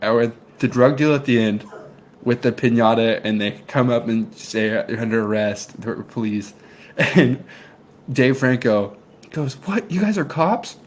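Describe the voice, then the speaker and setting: A man's voice: mid-range voice, unhurried. A man co-hosting a casual movie review podcast, retelling scenes with lots of laughter. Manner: animated, laughs often while retelling scenes. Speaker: podcast co-host.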